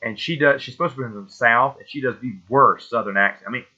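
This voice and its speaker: A man's voice: mid-range voice, fast talker, bright, forceful tone, highs cut off. A man hosting a casual solo movie show, talking with enthusiasm and rambling as he fishes for names. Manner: enthusiastic, rambling, loses names mid-sentence. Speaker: host.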